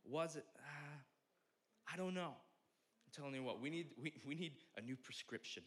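A young man preaching a sermon as a pastor, telling stories in an animated way and acting out the voices. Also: on the high side, unhurried. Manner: animated storytelling, acts out voices.

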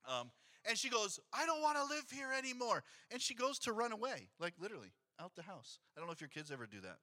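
Man, 30s, pastor, sermon, high voice, very bright tone, animated storytelling, church. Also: fast. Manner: storytelling, animated, acts out quotes. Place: church sanctuary.

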